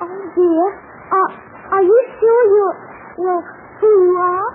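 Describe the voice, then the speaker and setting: A sweet young woman, flustered and a little breathless, with a very high voice. It is a 1940s radio serial. The sound is narrow and tinny, with faint hiss. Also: steady tone, slow.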